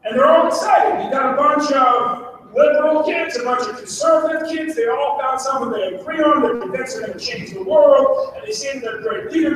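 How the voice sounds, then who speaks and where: A man giving a keynote speech as an animated storyteller who acts out the people he quotes. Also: very high voice, slight background noise. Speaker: conference speaker. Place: large hall. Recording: echoey hall from far off.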